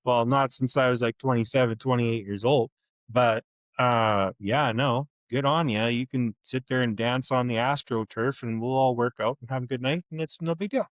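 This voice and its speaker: A man's voice: mid-range voice, normal speed, no room sound. A man in his thirties, a podcast co-host, telling a story in casual chat, swearing freely and acting out both sides of an argument. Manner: animated, profane, acts out both sides of an argument.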